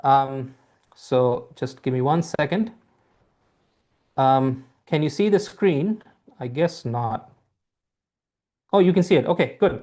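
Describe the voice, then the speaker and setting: A man teaching a live online class over a video call, speaking in a measured way and repeating phrases for emphasis. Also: fairly high pitch, lively intonation, dark tone. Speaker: IELTS teacher.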